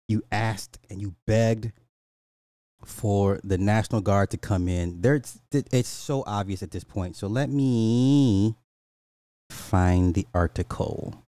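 A man from Illinois, a podcast host, ranting casually in a profane, laughing, animated way. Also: on the low side, slow, dry recording. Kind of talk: casual comedic rant.

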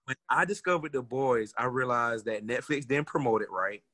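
A man's voice: medium pitch, normal speed. A man in casual chat, telling stories with lots of energy and plenty of swearing. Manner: animated storyteller, swears freely.

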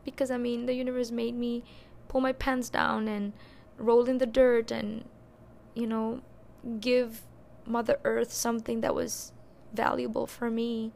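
A young adult woman hosting a podcast, candidly telling a personal story in a casual, expressive way and cursing now and then. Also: a little high, measured pace, gravelly. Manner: candid and expressive, swears and laughs at herself. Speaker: podcast host.

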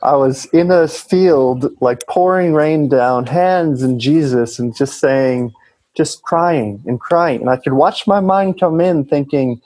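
A man with a husky, slightly rough voice talks with animated earnestness about emotions and relationships. The sound is dry and close. He swears now and then in relaxed conversation. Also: mid-range voice, slow pace, dry recording, poor audio. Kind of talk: casual spiritual conversation.

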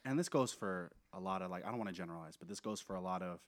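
A young man, chatting casually on a podcast and telling anecdotes with acted-out voices. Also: sits low. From Seattle area, USA. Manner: quick, animated storyteller who acts out voices in anecdotes. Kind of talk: casual chat.

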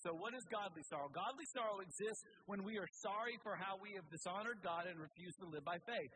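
A man preaching a sermon in a somewhat higher register. He leans hard into his main points, then drops to a hushed, earnest tone. The recording carries a clear layer of background noise. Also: fast talker. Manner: emphatic preaching that swings between raised and hushed. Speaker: pastor.

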